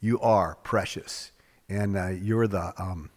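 A man's voice: low-pitched, slow. Man, pastor, sermon, fervent conversational preaching, acted-out prayers, long hall reverb.

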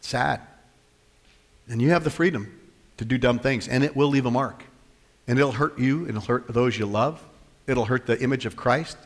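A man preaching a sermon as pastor, animated, swinging between loud and soft and acting out the quotes he tells. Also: medium pitch, moderate pace. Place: church hall. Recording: long hall reverb.

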